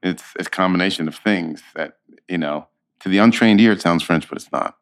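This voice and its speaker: A man who is an actor and interview guest, telling stories in an animated way, with frequent restarts and laughter. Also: sits low, brisk. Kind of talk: conversational anecdotes.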